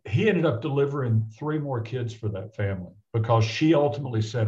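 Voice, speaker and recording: A man's voice: mid-range voice, darkish tone. Older Southern man telling a story. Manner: earnest, halting, with frequent restarts. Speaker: guest, physician. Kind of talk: reflective personal storytelling in conversation. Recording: dull lo-fi audio.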